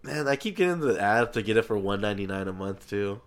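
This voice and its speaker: A man's voice: fairly low pitch, lively intonation, fast. A man co-hosting a casual podcast, laid-back, with lots of fillers and casual swearing. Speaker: podcast co-host. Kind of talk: casual chat.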